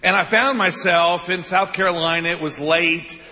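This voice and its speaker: A man's voice: sits high, moderate pace, sharp tone, in a large hall. A man in his fifties preaching a sermon, telling stories with self-deprecating humor and frequent "right?" asides. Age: 50s. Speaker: pastor.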